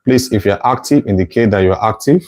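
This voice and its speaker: A man's voice: fairly low pitch, fairly quick, a little mellow, low-quality recording. A male math tutor teaching a live online lesson, thinking aloud as he sketches a curve, correcting himself and checking in with "right?".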